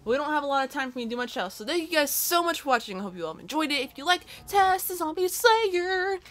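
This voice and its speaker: A young woman talks through her gameplay with a bright, forceful voice pitched a little high. She narrates in a jittery, self-mocking way, yelping when she is startled. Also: big pitch swings, fast talker. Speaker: gaming channel host. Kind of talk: gameplay commentary.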